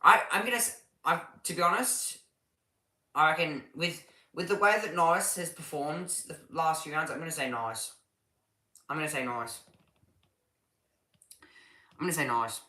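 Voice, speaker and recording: A man giving casual live commentary on a race session, chatty and halting, often restarting sentences as he reads viewer questions. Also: fairly high pitch, sharp tone, roomy sound. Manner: chatty and halting, with frequent restarts while reading chat.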